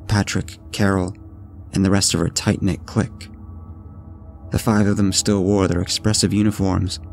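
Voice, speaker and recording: A man narrating a first-person horror story at a measured, steady pace. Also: low-pitched, gravelly. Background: faint background music.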